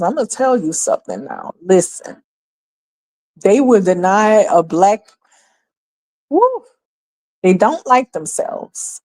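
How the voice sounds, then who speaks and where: A woman's voice: medium pitch, mellow. A woman from New York hosting a livestream, delivering emphatic, sarcastic, opinionated commentary full of rhetorical questions. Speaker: livestream host.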